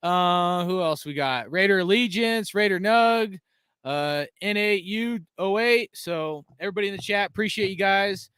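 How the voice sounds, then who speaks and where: A man with a bright, crisp voice runs a casual live stream, talking quickly and loosely. He jokes at his own expense. The sound is dry and close-miked. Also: sits high, dry recording. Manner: fast, loose, self-deprecating. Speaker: host reading chat shout-outs.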